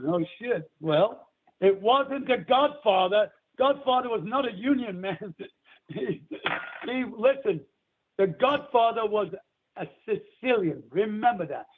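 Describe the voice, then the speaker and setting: A man's voice: high voice, expressive, takes it slowly. A man telling crude stories and bossing the others around on a call-in show, swearing freely. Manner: profane, storytelling, bossy. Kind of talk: crude casual call-in banter. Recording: tinny phone line with faint hiss.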